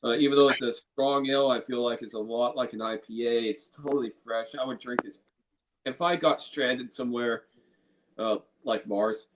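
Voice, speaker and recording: An enthusiastic man hosts a casual beer tasting, swearing freely and circling back over his own phrases. His voice sits at an everyday pitch, with faint noise under the recording. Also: fairly even intonation, moderate pace. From Illinois. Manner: enthusiastic, profane, repeats himself. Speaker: beer review host.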